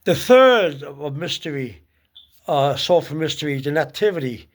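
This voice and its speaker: A man giving casual spoken advice on prayer, halting often with fillers and restarts. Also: on the high side, expressive. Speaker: speaker giving religious advice.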